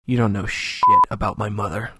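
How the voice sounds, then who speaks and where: A man's voice: fairly low pitch, wildly swooping pitch, normal speed, bright, forceful tone, slightly rough, exaggerated voice. A man voicing a foul-mouthed cartoon jerk. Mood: contemptuous. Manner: foul-mouthed, contemptuous, ranting. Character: crude, abrasive adult male cartoon host who insults everyone. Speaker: host answering fan mail. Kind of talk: animated web comedy sketch.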